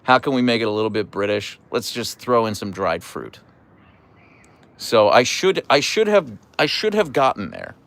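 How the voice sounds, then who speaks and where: A young man hosting a casual live stream and answering chat in a playful, animated way, with mock outrage and stammered restarts. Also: medium pitch, normal speed, vocal fry. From United States. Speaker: livestream host reading chat.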